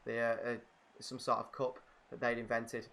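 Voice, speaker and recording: A man's voice: mid-range voice, completely flat delivery, normal speed, vocal fry, fairly bright tone. A man co-hosting a casual fan Q&A, chatty as he reads out viewer questions while playing a game. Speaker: channel co-host. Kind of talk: casual Q&A chat while gaming.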